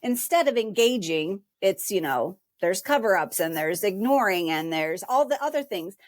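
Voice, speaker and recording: A woman's voice: mid-range voice, expressive, normal speed, dry recording. A woman guest on a podcast telling a personal story in an earnest, emotional way and voicing her own past thoughts. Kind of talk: conversational interview storytelling.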